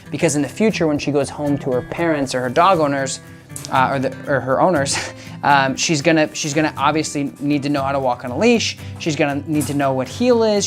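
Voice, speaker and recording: Upbeat dog trainer over faint music. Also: medium pitch. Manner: upbeat, chatty, praises the dog often. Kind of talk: casual training vlog. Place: indoor room with a dog crate.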